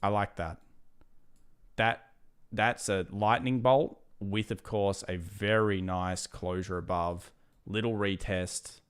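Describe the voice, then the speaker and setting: A man talks through stock charts on a live stream in a low, resonant voice. He keeps it casual and conversational, often breaking off into worked-up rants before settling back into his analysis. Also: fairly even intonation, takes it slowly, smooth. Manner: casual, chatty, drifts into fired-up rants. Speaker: trading livestream host. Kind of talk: live market chart commentary.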